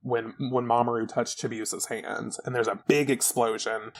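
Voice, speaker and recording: A man hosting a podcast recaps a comic in a loose, animated way. His voice sits at an ordinary middle pitch and often jumps high when he plays the characters. He swears casually and talks into a desk mic. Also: normal speed. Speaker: podcast host.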